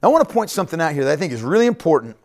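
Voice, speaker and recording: A man's voice: a little high, big pitch swings, racing. A man preaching a sermon to a congregation, talking directly to them with frequent "right?" asides and repeated phrases. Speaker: pastor.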